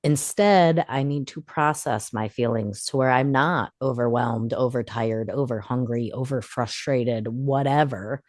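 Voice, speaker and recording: Low-voiced, slow woman co-host. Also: a little mellow, no room sound, clean studio sound. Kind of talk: casual reflective chat.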